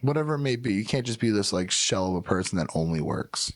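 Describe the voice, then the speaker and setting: A man with a low, gravelly voice, rambling loosely through a casual podcast conversation. His talk is full of filler and side turns. The sound is dry and close, with no room around it. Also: lively intonation, fast talker, no room sound. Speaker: podcast guest, musician. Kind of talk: casual chat.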